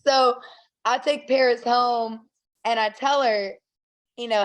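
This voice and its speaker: Woman fighter on a podcast, kinda high voice, blunt and salty, acts out the quotes loud. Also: takes it slowly, long pauses. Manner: lively, blunt and profane, laughs often. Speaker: guest, bare-knuckle fighter. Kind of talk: casual podcast chat, animated storytelling.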